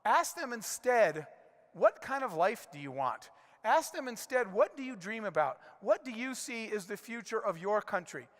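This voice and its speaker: A middle-aged man giving a conference keynote, telling stories with lively rhetorical questions. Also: high voice, normal speed, big-room sound. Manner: energetic storytelling, rhetorical questions. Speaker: conference speaker. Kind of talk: keynote speech. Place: large conference hall.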